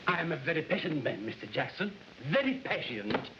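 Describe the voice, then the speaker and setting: An actor playing an impatient, stern club manager in a 1940s film. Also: male voice, on the high side, very animated, moderate pace. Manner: impatient, pointed. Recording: dull old film soundtrack with hiss.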